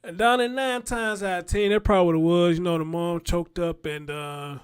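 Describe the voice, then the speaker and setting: Man, forties, higher voice, casual live-stream host, rambling, talks to viewers. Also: fairly even intonation, normal speed, clear, resonant tone. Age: 40s.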